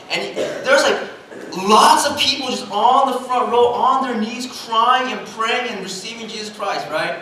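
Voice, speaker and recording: Man, young adult pastor, high bright voice, storytelling sermon, self-mocking humor, booming church echo. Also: normal speed, slight background noise. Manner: animated, self-mocking storyteller who laughs at his own jokes. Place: large church sanctuary. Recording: echoey hall, mic at a distance.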